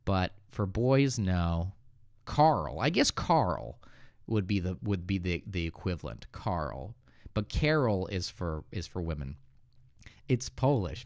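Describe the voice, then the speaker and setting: A man from the Northeastern United States with an American accent, relaxed and joking as he reads viewers' comments aloud and corrects them on a live English lesson, speaking into a good microphone. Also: on the low side, unhurried, no echo, clean studio sound. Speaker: English teacher hosting a livestream. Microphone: good studio microphone.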